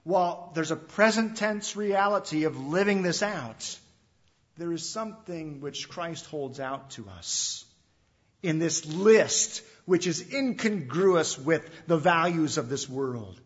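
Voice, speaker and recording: A fairly high-voiced man preaching a sermon, pressing hard on key words and then sinking to a near hush at the end of a thought. He repeats phrases and asks his listeners direct questions. The recording sounds muffled and lo-fi. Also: animated. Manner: emphatic preaching that swings between loud stresses and hushed, drawn-out endings. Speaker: pastor. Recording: dull lo-fi recording.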